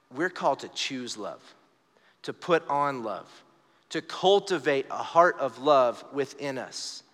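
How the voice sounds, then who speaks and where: A man's voice: on the high side, fairly bright tone. A young man preaching a live church sermon in a conversational, storytelling way, voicing the people in his stories. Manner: conversational, storytelling with acted quotes. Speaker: pastor. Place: church sanctuary, live service. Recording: long hall reverb.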